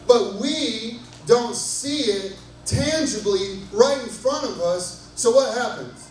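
Male pastor, high-pitched, casual and lively, keeps checking in with the congregation; distant, roomy sound with faint noise. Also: slow pace. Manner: conversational and enthusiastic, asks the crowd often. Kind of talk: sermon. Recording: echoey hall from far off, faint noise.

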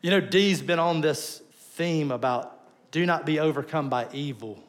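Animated preacher, loud then hushed. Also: male voice, on the high side, moderate pace. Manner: animated storytelling, swings between loud bursts and soft asides. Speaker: pastor. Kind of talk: sermon.

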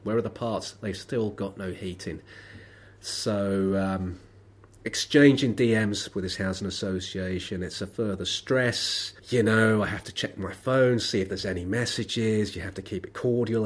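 A man's voice: low voice, steady tone, a little slow, slightly rough. A man hosting a solo podcast, who is under the weather, telling rambling, wry anecdotes with many ums and uhs. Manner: rambling, wry everyday anecdotes with frequent fillers. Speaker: podcast host.

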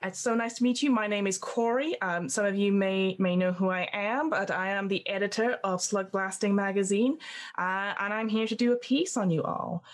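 A woman's voice: medium pitch, moderate pace, close to an everyday voice. A woman voicing a frantic, gushing female magazine editor who calls everyone honey and dear.

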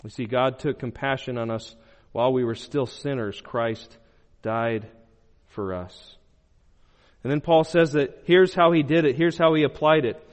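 A man preaching a sermon as pastor, moving between loud emphatic bursts and low, quiet phrases. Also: unhurried. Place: church sanctuary. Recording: long hall reverb.

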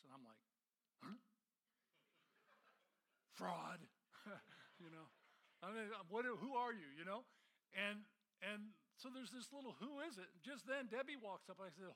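Bright-voiced animated male pastor. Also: high-pitched, measured pace, long pauses. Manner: animated storyteller, acts out voices, laughs at himself. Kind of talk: sermon with personal storytelling.

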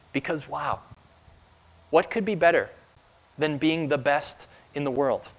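A man's voice: on the high side, a little slow, pauses often. Earnest male preacher. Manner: earnest, emphatic, rising with rhetorical questions. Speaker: pastor. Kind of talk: sermon.

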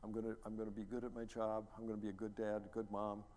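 A middle-aged man, a pastor, preaching a sermon as a story, acting out quotes and building to loud, emphatic peaks. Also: fairly low pitch, completely flat delivery, fast talker. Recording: long reverb, faint ambient noise.

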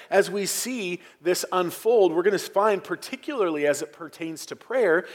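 A male pastor preaching in a church sanctuary. His voice sits a little high for a man, and he delivers the sermon earnestly, pressing hard on key phrases and then dropping to a near whisper for effect.

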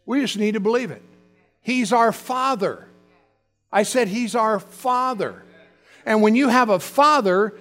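A man's voice: high-pitched, in a large hall. A male pastor preaching a fervent sermon, calling out to his congregation.

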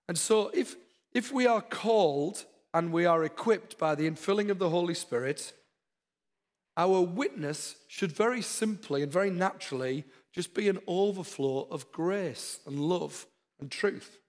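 A man's voice: sits high, unhurried. A man preaching a sermon, with earnest, repeated exhortations. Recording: long hall reverb.

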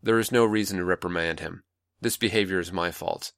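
A man voicing a sharp-tempered woman scientist, brisk and defensive, in a dry close recording. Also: low voice, no echo. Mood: curt.

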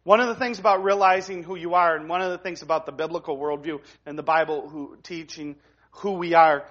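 A man preaching to his congregation in an easygoing, talky way, stopping to restart phrases and tossing in "right?" as he goes. His voice sits high for a man. The recording sounds somewhat dull and lo-fi. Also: steady tone, brisk, fairly bright tone. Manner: conversational preaching with frequent restarts and "right?" tags. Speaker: pastor. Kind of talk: sermon.

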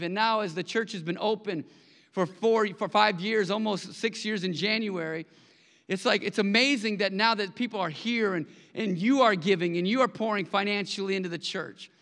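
A man preaching a sermon to his congregation, conversational and animated, telling stories with acted-out quotes. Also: high-pitched. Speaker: pastor. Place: church sanctuary. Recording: long hall reverb.

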